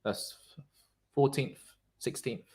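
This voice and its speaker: A man giving casual live cricket commentary on a stream, reacting loudly to the play and chatting with viewers in the chat. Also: slow.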